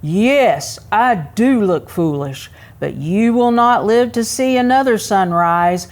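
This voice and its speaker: A woman voicing a big angry male bear in a storybook reading, speaking in a slow growl. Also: mid-range voice, expressive. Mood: menacing.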